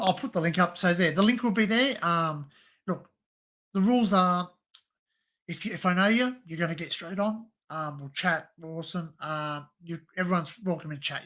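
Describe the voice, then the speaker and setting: A man's voice: fairly high pitch, bright, forceful tone. A middle-aged Australian man hosting a casual livestream chat, rambling with lots of fillers and restarts. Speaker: livestream host.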